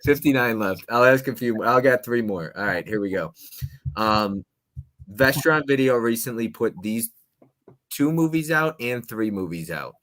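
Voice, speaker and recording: A man hosting a casual movie-trivia chat, playful and restless, his voice jumping between loud and quiet. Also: medium pitch, lively intonation, moderate pace. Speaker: host.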